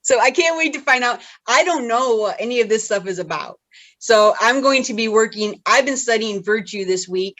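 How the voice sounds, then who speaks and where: Giggly, slightly high-pitched woman co-host. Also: expressive, moderate pace, fairly bright tone. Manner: upbeat, giggly, asks questions. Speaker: podcast co-host. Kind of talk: casual conversational podcast chat.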